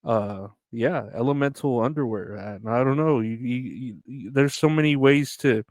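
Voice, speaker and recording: A man's voice: mid-range voice, moderate pace, a little mellow, dry recording. Man hosting a casual podcast, tired and yawning, rambling and sarcastic, dry close sound. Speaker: podcast host. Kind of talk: casual solo podcast chat reading news.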